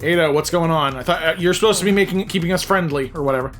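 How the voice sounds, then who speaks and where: A man's voice: on the high side, rapid-fire, fairly bright tone, soft background music. A man casually commenting and joking while playing a story video game. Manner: chatty, joking, reading game text aloud. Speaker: let's play host.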